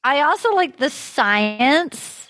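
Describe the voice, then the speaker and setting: High-voiced woman hosting a comedy podcast. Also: sing-song, slow pace, fairly bright tone. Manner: playful, laughs often, swears casually. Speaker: podcast host. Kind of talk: casual comedic chat.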